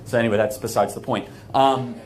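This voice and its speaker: An American man from the United States, a guest speaker, delivers an earnest, emphatic speech to a live audience in an event hall, conversational and full of asides. His mid-range voice holds a steady tone and moves a little fast, and the recording is very noisy.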